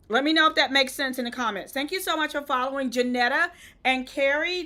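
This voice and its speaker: Woman, Southern US accent, host of a live craft demo; high, bright, patient and instructive. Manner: step-by-step instructive, checks in with "okay?". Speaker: event decor host. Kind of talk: live-stream how-to demo.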